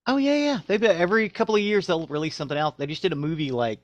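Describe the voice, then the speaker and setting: A man's voice: on the high side, racing, no room sound, dull audio. A man co-hosting a podcast, who reads facts aloud from his notes and then chats loosely. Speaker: podcast co-host. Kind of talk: reading show notes and casual chat.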